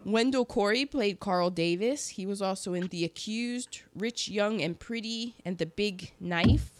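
Woman, casual podcast host, chatty, reads off movie facts, dry close sound, mid pitch. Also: no room sound. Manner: chatty, reads out cast trivia with quick asides. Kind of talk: casual chat about an old film.

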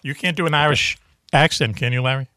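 A man hosts a loose, casual chat and keeps teasing his guest, laughing often as he goes. His voice sits at a middling pitch. The sound is dry and close, with no room around it. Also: fast talker, bright, forceful tone, no room sound. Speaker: host.

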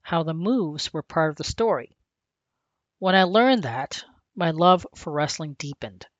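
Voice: medium pitch, animated, measured pace, dry recording, muffled recording. A podcast host from Canada, reading a scripted, earnest and reflective piece about a lifelong love of a sport. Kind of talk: scripted narration.

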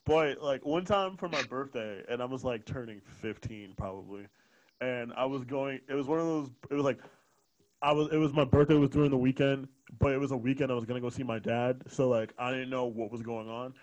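Chatting casually on a podcast, a young adult man tells rambling stories into a close studio mic and laughs a lot. His voice is medium-pitched, brisk and a little mellow, and the sound is lo-fi.

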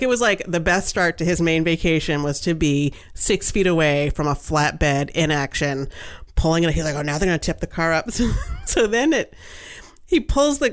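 A woman telling a long story in casual chat, animated and chatty, laughing often and filling her talk with fillers. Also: on the low side.

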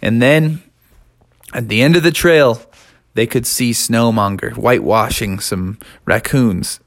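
A man's voice: medium pitch, measured pace. A man narrating an improvised children's story in a playful, sing-song way.

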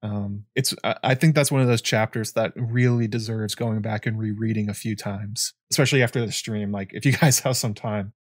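A man's voice: fairly low pitch, steady tone, moderate pace, hardly any pauses, no echo, studio quality. Rambling male book streamer. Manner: rambling, many fillers and restarts. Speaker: livestream host. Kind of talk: casual livestream chat about books.

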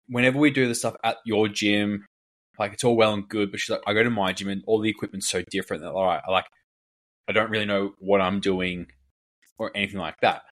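A man, a fitness coach, chatting casually on a podcast and telling a long story full of filler words while acting out what other people said. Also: on the low side. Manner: rambling storyteller, heavy filler words, acts out quoted people.

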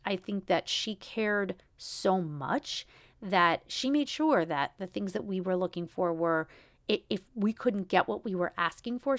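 A woman's voice: mid-range voice, no room sound, clean studio sound. A woman in her thirties hosting a solo podcast, venting in a frustrated way with many restarts. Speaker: podcast host.

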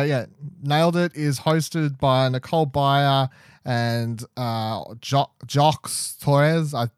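A man's voice: mid-range voice, clear, resonant tone, no echo, studio quality. Chatty man hosting a podcast. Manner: chatty, laughs often. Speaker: podcast host. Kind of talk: casual podcast chat.

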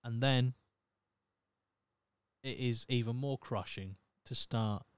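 Man, 30s, Norfolk accent, podcast host, rambling and sweary, smooth clear voice, dry close sound. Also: medium pitch, slow pace, no echo. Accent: Norfolk English. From Norfolk, England. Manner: rambling, profane, self-mocking. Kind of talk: casual solo podcast monologue.

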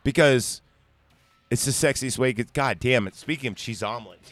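A man with a mid-pitched voice, recorded close and dry with no room sound. He argues absurd points in a mock-serious tone and keeps breaking into laughter. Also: normal speed, a bit bright, no echo. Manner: playful, mock-serious arguing, laughs a lot. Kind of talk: crude comedic banter.

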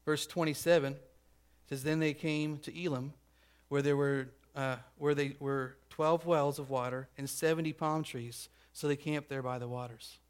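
A pastor preaching a conversational sermon, checking in with the congregation and acting out the grumbling crowd. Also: male voice, on the high side, steady tone, normal speed, clean tone. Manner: acts out grumbling crowd voices.

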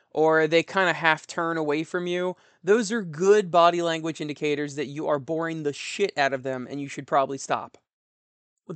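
A young man giving casual advice in a rambling, frank monologue with animated asides. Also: fairly high pitch, clean tone, no echo. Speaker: tabletop gaming commentator.

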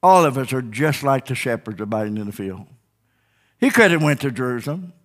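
A man preaching a sermon as a pastor in church, fervent and folksy, with call-and-response "Amen?" and sudden shouts. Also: medium pitch, sing-song, fairly quick. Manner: old-fashioned, down-home speech.

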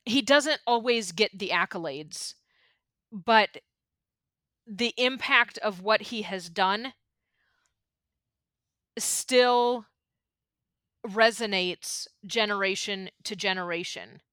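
Woman host, slow and halting, crisp bright tone, dry close mic. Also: mid-range voice, no room sound. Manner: hesitant, many restarts and fillers. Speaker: podcast host. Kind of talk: reflective conversational talk.

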